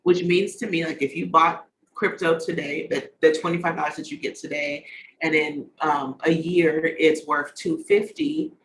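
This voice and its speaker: Man, conference host, slangy casual talk, bright tone, fairly high voice, video call. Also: moderate pace, slight background noise, rough recording. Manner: slangy, chatty, goes off on tangents.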